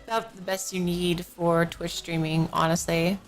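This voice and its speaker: A woman's voice: fairly low pitch, flat delivery, normal speed. Drowsy woman streamer, rambling chat. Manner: rambling, slightly out of it. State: drowsy and yawning. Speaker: live streamer. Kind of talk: casual live-stream chat. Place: home desk streaming setup. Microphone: professional-grade desk microphone. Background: faint music from a neighbor.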